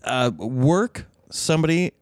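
A man's voice: on the high side, expressive, slow, no echo. A man hosting a podcast, chatting casually with crude, teasing banter. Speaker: podcast host.

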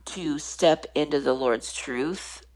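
A woman in her forties with a low, deep voice tells a personal faith story on a podcast. Her storytelling is animated, and she acts out the voices of other people as she goes. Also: takes it slowly, low-quality recording. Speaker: guest.

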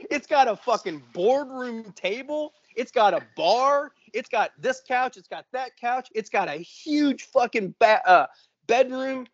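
A man's voice: very high voice, measured pace, no room sound, muffled recording. A man co-hosting a podcast, telling a story in casual chat, swearing constantly and acting out quotes. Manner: profane, animated, acts out quotes. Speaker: podcast co-host.

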